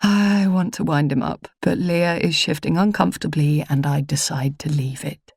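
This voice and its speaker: A woman reading a first-person audiobook in a measured, low-key delivery. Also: vocal fry, a little mellow, slightly rough, no echo, studio quality. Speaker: audiobook narrator.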